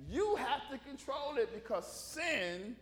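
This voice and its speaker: Lively, joking preacher man. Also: extremely high pitch, takes it slowly. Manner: animated, joking, conversational. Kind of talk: casual, humorous sermon.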